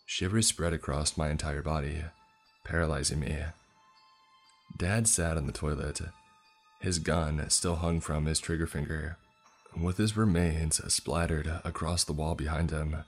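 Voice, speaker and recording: A man reading a scripted horror story in a tense, measured way. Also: very deep voice, steady tone. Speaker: narrator. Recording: faint music underneath.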